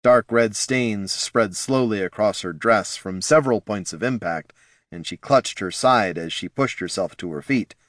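A man narrating a fantasy audiobook in a measured, dramatic manner. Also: fairly low pitch, a bit bright, dry recording, studio quality.

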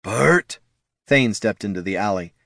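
A man with a fairly low voice narrates an audiobook expressively, in a storytelling style at normal speed. The recording is studio quality with no echo.

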